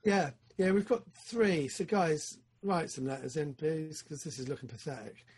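A man co-hosting a podcast, chatting casually about films, excitable and rambling with lots of fillers. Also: a little high, normal speed, slight background noise. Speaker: podcast co-host. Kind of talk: casual film chat.

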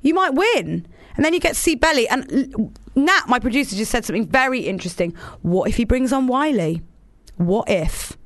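A woman's voice: a little high, very animated, normal speed, no echo. A woman hosting a radio show, chatting in an enthusiastic, rambling way from the studio. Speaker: radio host. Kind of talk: casual radio chat.

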